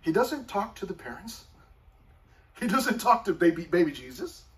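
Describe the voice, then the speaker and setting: A man's voice: high-pitched, very animated, normal speed. A male pastor preaching a sermon in a conversational, storytelling way with chatty asides. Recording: voice far from the mic.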